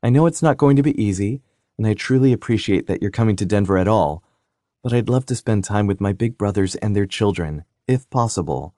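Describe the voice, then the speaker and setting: A man's voice: fairly low pitch, expressive, a little fast, mellow, no room sound, clean studio sound, pitched above the performer's own voice, close to an everyday voice. A man voicing a cheerful, teasing young woman in an audiobook, a playful sister. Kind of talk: audiobook character reading.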